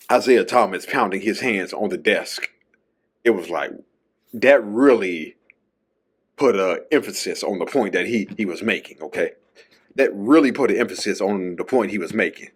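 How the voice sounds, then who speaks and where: A man's low, unhurried, slightly breathy voice carries his own show, a casual, chatty solo monologue broken by long pauses. He tags his points with a questioning "okay?"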